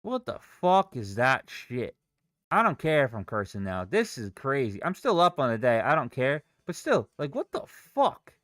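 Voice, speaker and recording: A man's voice: medium pitch, big pitch swings, moderate pace, fairly bright tone, dry recording, studio quality. A young man livestreaming his day trading, cursing and venting in exasperated outbursts. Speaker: day trader streaming live. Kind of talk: live trading stream, frustrated ranting.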